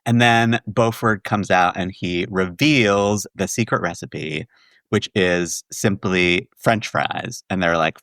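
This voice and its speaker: A man in his forties from the Washington, D.C. area, a guest telling a childhood story in a relaxed chat and laughing often. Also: on the low side, takes it slowly, dry recording. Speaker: guest, musical theater writer. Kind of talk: casual podcast chat.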